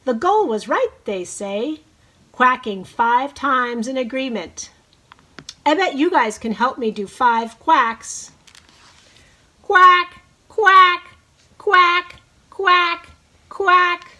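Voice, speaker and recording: A woman with a somewhat high voice reads a picture book slowly to young children. She speaks in an encouraging teacher's manner, leading the group through bird calls and counting. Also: expressive, fairly bright tone. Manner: slow, encouraging, leads bird-call imitations. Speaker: preschool teacher.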